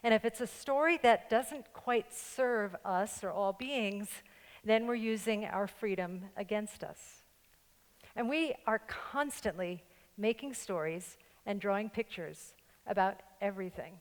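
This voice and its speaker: A woman's voice: mid-range voice, unhurried. An older woman pastor with a slight New York accent, giving a playful, joking sermon and laughing along with her congregation. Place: church sanctuary with congregation. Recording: long church-hall reverb.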